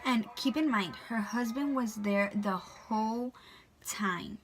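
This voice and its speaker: This is a storytime vlog from a young woman who chats away, leaning heavily on "like" and "um." Her voice sits a little high and she talks slowly, with some hiss or hum in the background.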